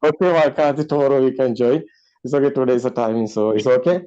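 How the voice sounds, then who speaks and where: Halting man on a muffled call. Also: medium pitch, warm tone. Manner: halting, many fillers, frequent laughs. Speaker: discussion host. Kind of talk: casual video call discussion. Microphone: video call. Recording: muffled video call audio.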